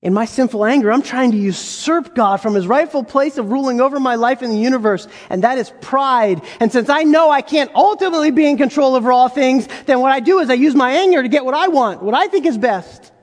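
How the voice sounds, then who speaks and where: Pastor, male, very high voice, chatty sermon delivery full of rhetorical questions, long hall reverb. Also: brisk, few pauses. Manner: conversational, rhetorical questions, acts out quoted voices.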